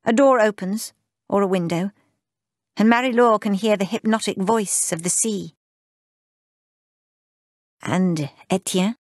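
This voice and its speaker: A woman narrating a literary audiobook in a measured, lyrical, unhurried way. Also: mid-range voice, no room sound, clean studio sound.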